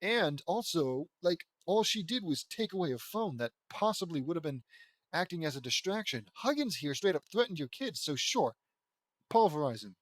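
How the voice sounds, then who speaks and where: Man, fairly high voice, dry close sound, sarcastic fan fiction reader, swears. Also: sing-song, normal speed, no room sound. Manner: sarcastic, swears, breaks off to mock the text. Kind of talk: reading aloud with off-the-cuff commentary.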